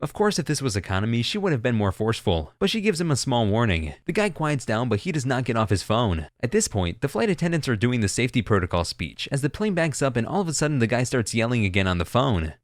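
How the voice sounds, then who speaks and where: A man reading stories as scripted narration, his voice at a mid pitch. He reads with a lot of rise and fall. The sound is dry and close, with no room around it. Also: very animated, fast talker, few pauses, dry recording. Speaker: story narrator.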